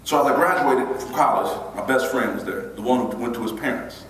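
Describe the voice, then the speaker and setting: A man giving a motivational keynote, telling a personal story in a lively, conversational way with bursts of laughter. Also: medium pitch, fairly quick, a little hiss or hum. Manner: animated, breaks into laughter, imitates friends with quieter voice. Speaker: motivational speaker. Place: large hall before an audience. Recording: echoey hall, voice from far off.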